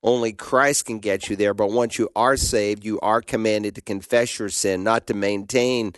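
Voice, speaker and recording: A man's voice: lowish voice, steady tone, moderate pace, no room sound, studio quality. A man teaching the Bible on a radio call-in show, answering questions in an emphatic, preaching manner.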